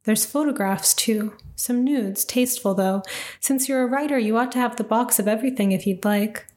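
A woman reading the lines of a calm, mysterious bearded traveler in a spoken story, soft-spoken and cryptic. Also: fairly high pitch, normal speed, lightly acted. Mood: grim.

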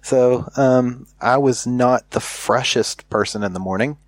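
A man's voice: mid-range voice, unhurried, no echo. An American man telling a candid story in casual chat, rambling with many fillers and restarts. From United States.

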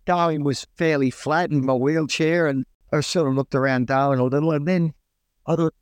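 A middle-aged Australian man, a guest telling stories in a relaxed, colloquial way and acting out his own exclamations. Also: on the high side, normal speed, clean tone, no echo. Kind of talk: casual storytelling.

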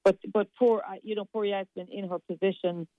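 A woman's voice: medium pitch, steady tone, a little fast, no echo, phone-quality sound. A woman speaking bluntly as a radio contributor. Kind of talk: casual radio chat.

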